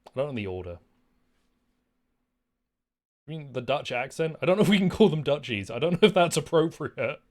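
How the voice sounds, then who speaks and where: A man's voice: on the high side, a little fast, pauses often. A man streaming a game and chatting casually, rambling and swearing freely. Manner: rambling, profane, animated. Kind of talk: casual gaming commentary.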